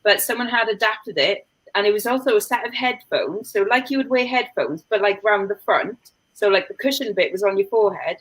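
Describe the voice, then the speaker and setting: A woman's voice: medium pitch, fairly quick, hardly any pauses, poor audio. A woman hosting a casual chat, rambling along with lots of likes and ums. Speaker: host.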